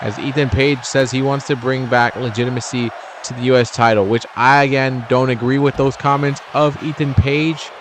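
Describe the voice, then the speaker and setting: A man in a middle register calls a video game wrestling match in a loose, chatty play-by-play style. He gets excited and his voice leaps up when a big move lands. Steady street and traffic noise hums clearly behind him. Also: moderate pace, few pauses. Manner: chatty, excitable, jumps in pitch at big moves. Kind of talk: casual play-by-play commentary.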